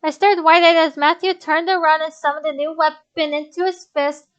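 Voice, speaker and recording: A woman's voice: high voice, flat delivery, normal speed, lo-fi sound. A woman reading a visual novel's text aloud, stumbling over words and breaking off to comment.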